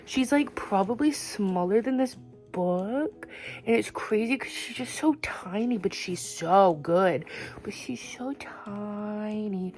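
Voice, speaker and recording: A woman's voice: medium pitch, unhurried, darkish tone. A woman talking casually in a reading vlog, rambling with lots of "like" fillers. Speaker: reading vlogger.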